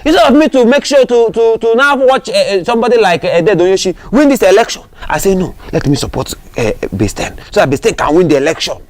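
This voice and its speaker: A man's voice: high voice, animated, quick pace, hardly any pauses. A man with a Nigerian accent playing a boastful politician in a comedy skit, taunting his rival with a stream of fillers. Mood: persuasive. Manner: gloating, taunting, repeats fillers. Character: boastful mocking male election winner. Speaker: winning politician.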